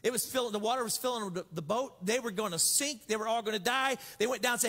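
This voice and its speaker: A man delivers a sermon with a high voice and a playful storytelling manner, acting out little voices. His voice rings through a large church hall with long reverb. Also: fast talker, gravelly, few pauses, sharp tone. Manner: storytelling, joking, acts out voices. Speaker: pastor.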